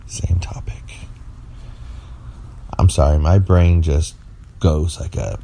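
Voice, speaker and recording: Very deep-voiced man, tired and rambling. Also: a little slow, gravelly, warm tone, slight background noise. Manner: rambling and playful, teasing. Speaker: podcast co-host. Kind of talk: casual chat.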